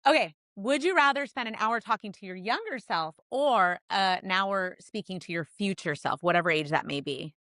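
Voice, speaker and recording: A woman's voice: medium pitch, animated, normal speed, hardly any pauses, fairly bright tone, no room sound, studio quality. A woman from the United States hosting a podcast, upbeat and enthusiastic as she introduces and chats with a guest. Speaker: podcast host. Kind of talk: scripted podcast intro then casual interview.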